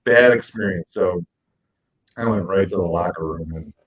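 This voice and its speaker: A man with a low, husky voice tells stories on a podcast. He is animated and acts out what people said, his voice leaping high for the quoted bits. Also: normal speed, poor audio. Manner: animated storyteller, acts out quotes with big pitch jumps. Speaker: podcast co-host. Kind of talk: casual storytelling chat.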